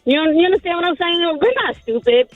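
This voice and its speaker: A woman's voice: extremely high pitch, quick pace, no room sound, faint music behind. A woman calling into a radio show, blunt and fired up. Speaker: caller. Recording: tinny phone line.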